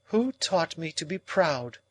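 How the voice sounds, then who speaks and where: A man reading an audiobook, voicing a proud, cool young woman who speaks in measured, cutting reasoning. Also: on the high side, big pitch swings, slightly rough, pitched above the performer's own voice, heavily acted.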